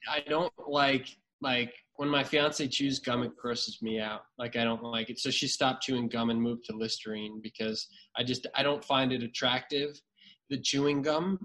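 A man's voice: mid-range voice, steady tone, moderate pace, bright, forceful tone, low-quality recording. A man in his thirties, a podcast guest, chatting casually and telling stories, with many restarts. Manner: rambling storyteller with many restarts. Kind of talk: casual chat.

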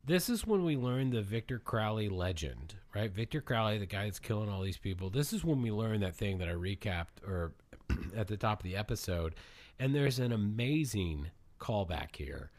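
A man's voice: on the low side, expressive, normal speed, a little mellow. A man hosting a podcast, recapping a film in a rambling, casual way and laughing often.

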